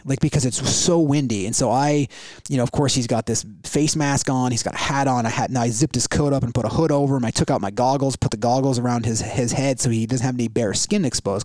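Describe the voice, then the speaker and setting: A man in his thirties casually retelling an adventure story in a rambling, animated way, full of restarts. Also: medium pitch, no room sound. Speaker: guest telling a story.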